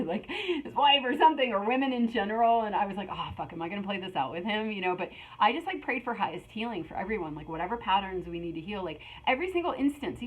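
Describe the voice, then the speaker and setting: A woman's voice: mid-range voice, husky, low-quality recording. A middle-aged woman giving a casual spiritual tarot reading, rambling with many fillers and restarts. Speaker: tarot reader.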